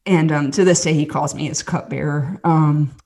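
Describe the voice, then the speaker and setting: A woman from the States, a podcast guest giving a candid personal testimony as an animated storyteller with many restarts and asides. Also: sits low, normal speed, vocal fry, a crowd in the background. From Southern United States.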